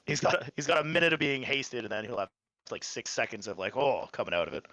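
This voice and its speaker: A man's voice: mid-range voice, very animated, fast talker, fairly bright tone. A man playing in a tabletop game, speaking casually and courteously. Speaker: player.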